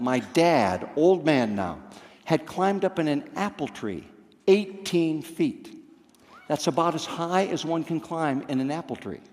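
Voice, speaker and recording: An older man telling a personal story on stage with wry, understated humor. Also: sits high. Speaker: storyteller comedian. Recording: long reverb of a theater hall.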